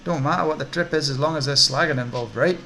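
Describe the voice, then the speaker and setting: A man's voice: fairly high pitch, fast, pushed and bright, a little hiss or hum. A man voicing a twitchy male orc drug dealer with a Scottish accent and wheedling salesman patter. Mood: jittery.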